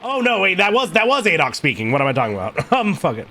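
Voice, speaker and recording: A man's voice: sits high, very animated, fast, pushed and bright, slight background noise. A man streaming a game, chatting loosely and swearing freely as he plays. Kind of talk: casual game commentary.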